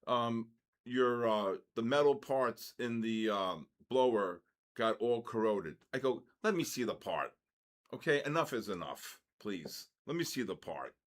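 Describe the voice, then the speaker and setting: A man's voice: mid-range voice, expressive, unhurried. A man hosting a live trading session, rambling into ranting asides between market calls. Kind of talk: casual live trading commentary.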